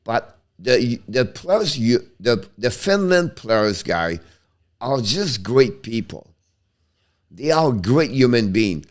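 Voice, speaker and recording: Speaking at medium pitch with a clear, resonant tone, a Quebec-accented man hosts an easygoing hockey live stream. He answers viewers haltingly, repeatedly restarts sentences, and alternates French with English.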